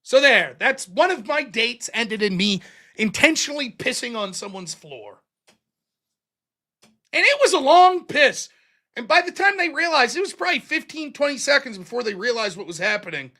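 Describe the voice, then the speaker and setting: A man's voice: extremely high pitch, normal speed. A middle-aged American man hosting a livestream, telling stories casually with lots of swearing and laughter. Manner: profane, animated, laughs often. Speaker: livestream host. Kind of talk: casual storytelling.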